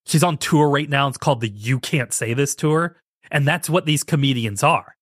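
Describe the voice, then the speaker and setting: Man, casual podcast rant, sarcastic, mid-pitched voice, dry close mic. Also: normal speed, dry recording. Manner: sarcastic, mocking impressions of others. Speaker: podcast host. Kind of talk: casual commentary.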